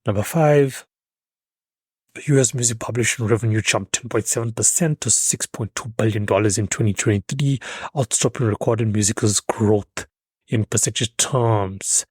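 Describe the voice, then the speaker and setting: A man's voice: on the low side, moderate pace, breathy edge, no room sound. A man hosting his own podcast, talking loosely and emphatically with fillers and restarts. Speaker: podcast host. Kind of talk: solo podcast commentary.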